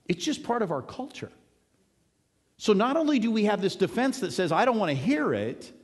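A male pastor giving an earnest, conversational sermon, driving points home with emphatic repetition. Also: high-pitched. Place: church sanctuary. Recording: long hall reverb.

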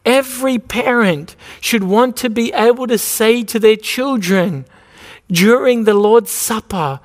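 A man preaches from the pulpit, pressing his listeners with question after question. His voice sits high for a man. The sound carries a long reverb from the church around him. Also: unhurried. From Australia. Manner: earnest preaching, repeated rhetorical questions. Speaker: pastor. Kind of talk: sermon. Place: church sanctuary.

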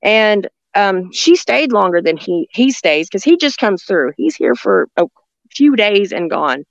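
A woman guest recounts encounters in casual, rambling storytelling, often restarting sentences and laughing frequently. Her mid-range voice is very animated, a little slow, and creaky. The dry recording has a dull lo-fi sound.

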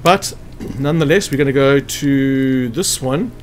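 Hiccuping after lunch, a gameplay commentator works through a strategy game walkthrough in a casual, chatty way, thinking aloud as he checks hit chances. His medium-pitched male voice is unhurried, with slight background noise.

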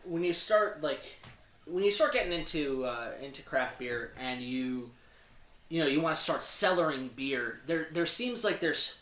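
Laid-back young man with a high voice. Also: animated, measured pace, a bit bright. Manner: laid-back, short replies, rambling with "like". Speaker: co-host beer reviewer. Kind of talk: casual beer review chat. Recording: echoey room.

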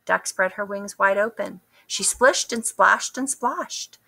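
A woman reading a children's picture book aloud, expressive and asking the listeners questions. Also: mid-range voice, slow pace, creaky. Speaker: storybook reader. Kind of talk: children's story read-aloud.

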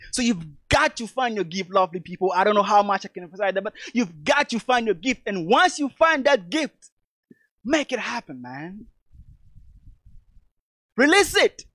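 A man's voice: high voice, a bit bright, no echo. A man from Togo, giving an emphatic motivational speech and calling his audience "lovely people". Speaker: motivational speaker.

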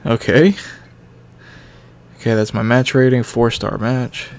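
A young man giving casual let's-play commentary on a video game, candid and reacting loudly to what happens on screen. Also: mid-range voice, steady tone, slow, vocal fry, pauses often. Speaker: gameplay commentator.

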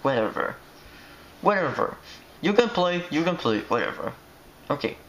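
A man giving excitable, rambling commentary while he plays a game. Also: on the high side, moderate pace, a little hiss or hum.

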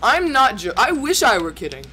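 A man's voice: very high voice, sing-song, normal speed, sharp tone, slight background noise. A teenage boy playing a video game with friends, joking and telling a goofy story. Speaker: player. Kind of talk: casual gaming banter.

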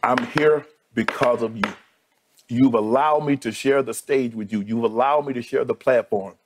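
A middle-aged man, a TV sports debate co-host, giving an emotional on-air farewell and thanking his colleagues one by one, his voice sinking low as he speaks. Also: moderate pace, a little hiss or hum.

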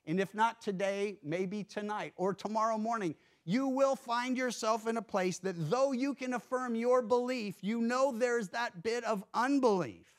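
A man pastor preaching a sermon in a church, earnest, swinging between emphatic rises and hushed drops. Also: extremely high pitch, moderate pace, few pauses.

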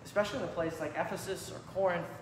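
Pastor guy preaching, kinda high voice, long church reverb. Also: fairly even intonation. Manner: emphatic preaching with measured, deliberate delivery. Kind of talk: sermon. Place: church sanctuary. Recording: echoey church hall with faint room noise.

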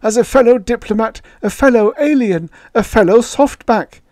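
A man voicing a frightened male alien diplomat who lisps in a hoarse whisper. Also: very high voice, normal speed, darkish tone, no echo, studio quality, pitched above the performer's own voice. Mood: frantic pleading. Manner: pleading, frantic.

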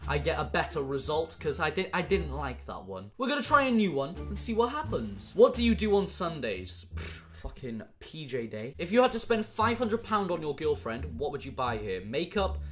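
A young Welsh YouTuber with a Welsh accent banters his way through an online quiz, animated and swearing often. His voice is on the high side, moving at a moderate pace with few pauses, with faint music behind him.

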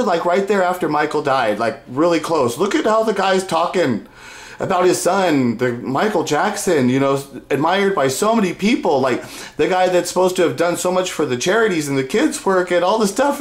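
A man's voice: on the high side, roomy sound. A man casually commenting on video clips, rambling with sighs, laughs and restarts.

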